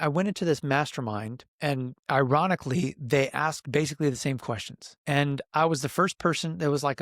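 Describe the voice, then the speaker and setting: A man's voice: mid-range voice, no room sound, studio quality. A men's coach, a man, talking earnestly in a casual podcast conversation, telling stories with emphasis and getting emotional.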